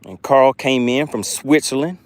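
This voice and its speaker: A man's voice: medium pitch, moderate pace. A man hosting a fishing live stream from a boat outdoors, chatting and thanking his viewers.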